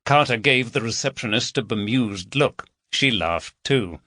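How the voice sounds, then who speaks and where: A man narrating a crime audiobook in a steady, measured way. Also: medium pitch, no echo, clean studio sound.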